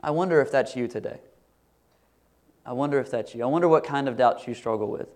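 Conversational pastor preaching a sermon. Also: male voice, mid-range voice, a little fast, darkish tone. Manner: earnest, conversational, asks the congregation many questions.

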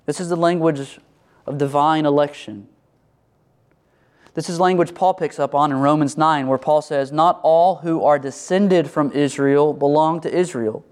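A middle-aged man delivers a sermon as pastor. He preaches with animation and acts out the voices of biblical figures and church members. His voice sits a touch above the usual male pitch. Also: darkish tone.

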